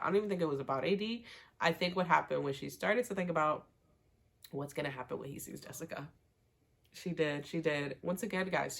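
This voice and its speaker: Low-voiced woman chatting a show recap. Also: gravelly. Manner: slangy, animated, swears freely. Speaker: TV recap vlogger.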